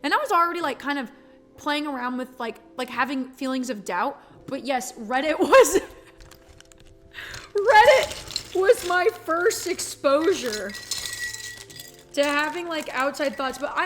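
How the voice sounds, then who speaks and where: A woman's voice: high-pitched, animated, unhurried, a bit bright, faint music behind. A young woman streamer chatting casually while playing a game, swearing freely and rambling through stories.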